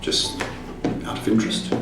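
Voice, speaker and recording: A man hosting a live psychic tarot call-in show, teasing and cheeky with his callers. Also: moderate pace. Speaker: psychic tarot reader, host. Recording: roomy echo, far from mic, music behind.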